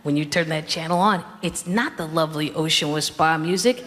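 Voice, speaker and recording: In a comedy club, a middle-aged woman tells stand-up stories into a handheld stage mic, wry and mock-indignant, before a live audience. Her voice sits low with a fairly bright tone, and she speaks briskly. The live club recording is reverberant and noisy.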